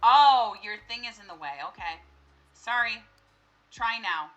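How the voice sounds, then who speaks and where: Bright-voiced woman chatting over gameplay. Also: a little high, expressive, measured pace, highs cut off. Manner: chatty, talks to her characters, bursts into startled laughing screams. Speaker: gameplay streamer. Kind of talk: casual let's-play commentary.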